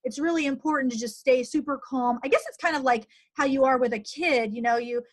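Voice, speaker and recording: A woman's voice: high voice, a little fast. Earnest woman doctor hosting a chat. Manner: earnest, uses many fillers. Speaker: physician host. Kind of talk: conversational interview.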